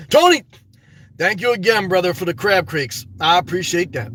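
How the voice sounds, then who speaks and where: High-voiced man, far from the mic. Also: sing-song, normal speed, a bit bright, breathy edge. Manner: chatty, repeats "okay" often. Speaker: livestream host. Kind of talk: reading out live chat. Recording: dry sound, voice away from mic.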